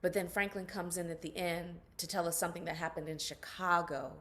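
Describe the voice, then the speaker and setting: A woman's voice: lowish voice, fairly even intonation, fairly quick, fairly bright tone. A young adult woman, an actress, speaking passionately and emphatically as a guest in an interview. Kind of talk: interview conversation.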